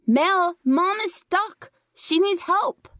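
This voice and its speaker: A woman's voice: extremely high pitch, slow pace, a bit bright, dry recording, studio quality, voice pushed up, full character voice. A woman voicing a frantic six-year-old boy who shrieks and pleads for help. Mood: panicked pleading.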